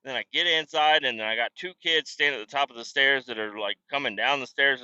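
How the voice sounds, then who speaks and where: A man's voice: mid-range voice, a little fast, few pauses, pushed and bright, no echo, lo-fi sound. A man hosting a casual podcast, rambling through family stories in a profane, self-deprecating way while on the road. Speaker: podcast host. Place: car.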